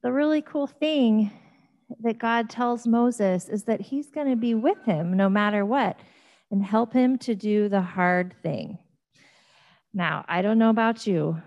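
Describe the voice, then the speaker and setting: Slow, gentle woman teaching children. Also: medium pitch. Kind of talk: children's Bible lesson.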